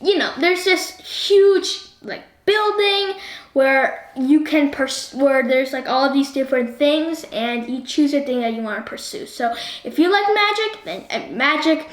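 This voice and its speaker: A woman reviewing a movie in a chatty, animated way, constantly asking the viewer what they think. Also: high-pitched, measured pace. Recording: roomy echo.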